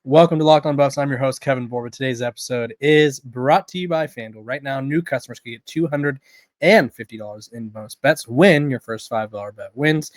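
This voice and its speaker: A man's voice: mid-range voice, brisk, no room sound. A man hosting a daily college football podcast, talking in a loose, conversational way with fillers and restarts. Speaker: podcast host. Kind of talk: casual sports podcast commentary.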